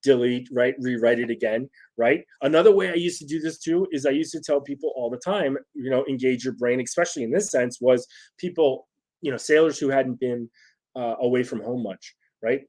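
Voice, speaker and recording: A man's voice: mid-range voice, a little fast, darkish tone. A man hosting a casual solo talk on leadership, speaking to his viewers in a loose, conversational way and often tagging sentences with "right?". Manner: conversational, frequent "right?" tags, restarts. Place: home setup with phone nearby.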